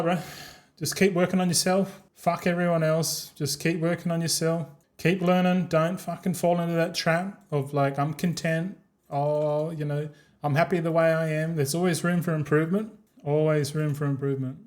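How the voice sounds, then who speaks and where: An Australian man in his thirties chats casually while streaming a game, rambling, swearing freely and laughing often. His voice is fairly high and a little mellow.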